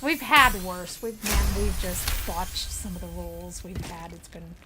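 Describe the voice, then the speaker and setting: A woman's voice: fairly low pitch, a little slow, over music. An American woman streaming a video game, chatting casually and playfully, and laughing often. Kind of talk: casual gameplay commentary.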